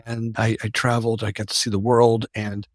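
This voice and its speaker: A man in his fifties from the United States, a company founder telling stories as an interview guest. He talks rapidly, tags his lines with "right?" and often restarts his sentences. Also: lowish voice, little pitch movement, dry recording, clean studio sound. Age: 50s. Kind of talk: casual storytelling interview.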